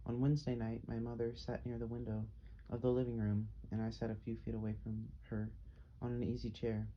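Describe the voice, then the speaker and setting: A man reading an audiobook in a measured, unhurried scripted narration. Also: mid-range voice, completely flat delivery. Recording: dull audio with faint hiss.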